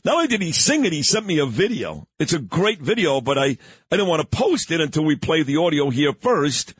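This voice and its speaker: Lively husky male radio host. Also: fairly high pitch, fairly quick, no echo. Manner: chatty, joking, coughing at times. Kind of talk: casual morning radio talk.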